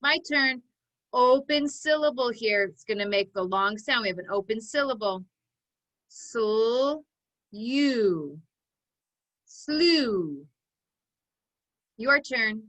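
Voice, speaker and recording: Slow, bright-voiced phonics teacher woman. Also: on the high side, animated, low-quality recording. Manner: slow, deliberate drill calls, sounding out each part. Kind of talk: online phonics lesson.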